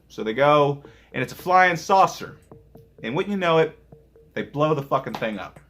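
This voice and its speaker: Brief: male movie vlogger, rambling and jokey, slightly high voice with a lot of swing. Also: pushed and bright. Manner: rambling, joking, profane, quick asides. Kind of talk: casual rambling movie review.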